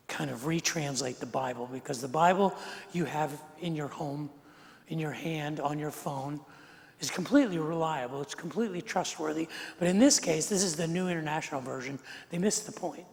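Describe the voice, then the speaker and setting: A middle-aged man preaching a sermon as pastor, talking in a conversational way that swings from quiet to emphatic and repeats words as he goes. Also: on the high side, moderate pace, vocal fry. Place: large church sanctuary. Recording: long hall reverb from the sanctuary.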